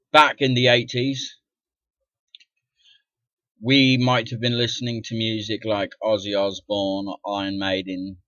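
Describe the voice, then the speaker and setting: A middle-aged man vlogging an indignant, profane rant to camera, dropping to mutters and then bursting out loudly. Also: on the low side, dry recording. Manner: profane, indignant, swings from muttering to loud outbursts. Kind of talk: ranting monologue to camera. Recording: dull lo-fi dry sound.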